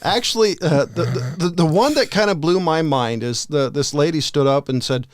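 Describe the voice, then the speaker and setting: Podcast dude, kinda high voice, trips over his words, bouncy. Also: expressive, normal speed, few pauses, dry recording, studio quality. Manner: stammering restarts, laughs often. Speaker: podcast co-host. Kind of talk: casual banter.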